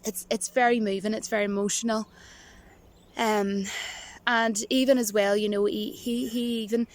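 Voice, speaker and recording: A woman's voice: fairly high pitch, steady tone, normal speed. A woman vlogger chatting casually to camera, rambling and giggling, with a touch of self-mocking nerves. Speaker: movie vlogger.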